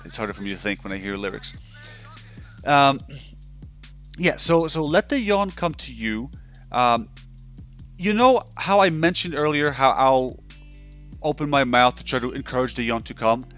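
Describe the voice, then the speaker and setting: A man's voice: mid-range voice, animated, moderate pace, pauses often, a bit bright, faint music behind. A male counselor giving a loose, conversational instructional talk over a webcam, often checking in with his listener. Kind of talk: instructional explanation.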